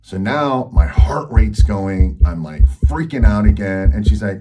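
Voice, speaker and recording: A man's voice: on the low side, expressive, measured pace, hardly any pauses, mellow. A man hosting a health channel, telling a personal story in a frank, rambling way with lots of fillers.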